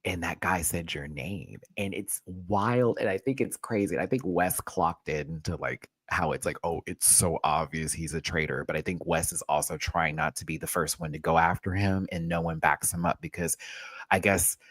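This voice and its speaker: A man hosting a casual TV show recap, profane and animated, jumping from loud outbursts to low muttering. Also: moderate pace, slightly rough, no echo.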